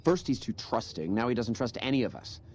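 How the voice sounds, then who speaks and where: An actor playing a haughty, formal man of high society in a video game, speaking in stiff, formal phrases. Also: lively intonation, brisk, darkish tone, no room sound, natural voice. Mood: disdainful. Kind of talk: video game character dialogue.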